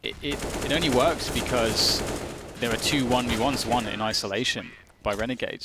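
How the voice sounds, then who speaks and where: Man, esports caster, medium pitch, chatty analytical commentary, game gunfire behind. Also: sharp tone, a little hiss or hum.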